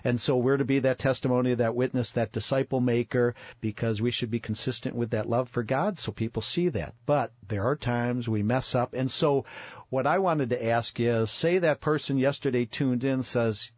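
A man's voice: mid-range voice, normal speed, dry recording, lo-fi sound. A man hosting a faith talk show, thoughtfully setting up questions for his guest. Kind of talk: interview questions.

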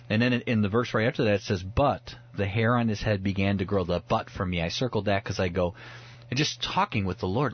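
Earnest low-voiced man teaching scripture. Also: a little fast, breathy edge, highs cut off. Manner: earnest, reflective, with frequent restarts. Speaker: pastor, radio guest. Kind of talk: conversational Bible teaching.

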